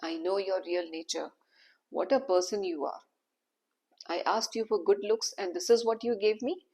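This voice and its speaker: A woman's voice: medium pitch, moderate pace, creaky, darkish tone, breathy edge. A woman voicing a proud male sage who turns bitter and accusing in a storybook tale.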